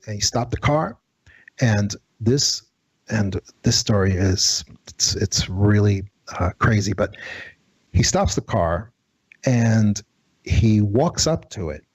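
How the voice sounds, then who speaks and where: A man, a radio show guest, telling an eerie true-life story in a halting, dramatic way. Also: lowish voice, a little mellow, husky, dry recording, highs cut off. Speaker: guest, former federal agent.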